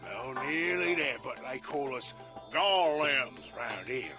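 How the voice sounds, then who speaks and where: A man's voice: fairly high pitch, sing-song, unhurried. A man voicing a slangy, self-pitying male labour robot with a Cockney accent, over music. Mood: grumbling chummy.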